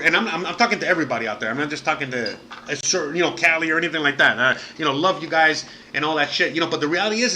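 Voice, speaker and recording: A man's voice: a little high, bright, forceful tone, a little hiss or hum. A man hosting a live stream, talking straight to his viewers in a heated, profane, outraged rant full of fillers. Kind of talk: casual ranting monologue to viewers.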